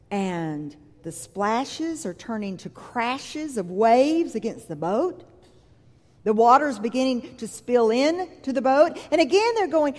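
Unhurried woman preacher in a reverberant hall. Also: a little high, a little mellow. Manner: conversational, vivid retelling of scripture. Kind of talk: sermon with scripture reading. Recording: long reverb from a large hall.

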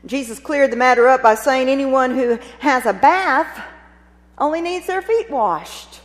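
A woman preaching a sermon, retelling a scene with expressive, dramatic storytelling and rhetorical questions. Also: high voice, measured pace. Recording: long reverb of a large hall.

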